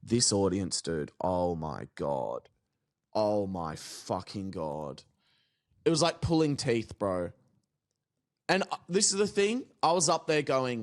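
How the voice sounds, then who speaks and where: A young man, co-hosting a casual podcast. He tells stories with big swings in his voice and acts out quotes as he goes. He swears freely and sounds restless and expressive. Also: lowish voice, slow pace. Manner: animated, swearing, storytelling with acted-out quotes. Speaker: comedian and podcast co-host.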